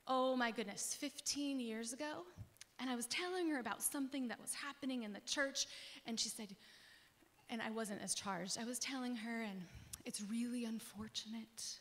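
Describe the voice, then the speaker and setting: A woman's voice: on the high side, a bit bright. Woman preaching in a reverberant church. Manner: earnest, conversational preaching with emphatic pauses. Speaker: pastor. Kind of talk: sermon. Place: church sanctuary.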